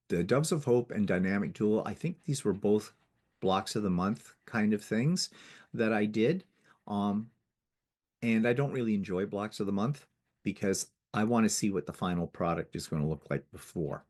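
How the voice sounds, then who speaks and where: Low-voiced chatty man. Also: darkish tone. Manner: chatty, rambling, restarts sentences often. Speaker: quilter giving a guild presentation. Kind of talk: casual slideshow talk. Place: living in Ontario, Canada.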